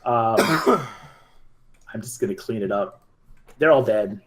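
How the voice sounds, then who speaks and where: A man's voice: lowish voice, expressive, slow, a bit bright. Guy running a tabletop game, chill, lots of ums and likes. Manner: loose, laughing, with many fillers. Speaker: game master.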